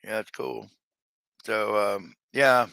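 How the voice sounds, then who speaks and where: A man's voice: lowish voice, steady tone, slow, vocal fry, bright, forceful tone, no echo. A man chatting casually to his livestream audience, rambling with many fillers and restarts. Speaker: livestream seller.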